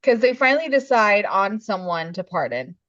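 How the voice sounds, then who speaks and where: A woman co-hosting a podcast, chatting casually about a film and lively in how she retells its scenes. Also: mid-range voice, no echo, muffled recording. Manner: animated, acts out scenes in quick voices. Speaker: podcast co-host. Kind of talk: casual film review chat.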